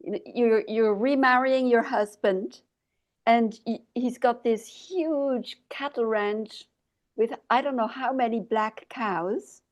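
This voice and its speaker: Woman interview host, slightly high-pitched, curious and prompting. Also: takes it slowly, highs cut off. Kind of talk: casual interview conversation.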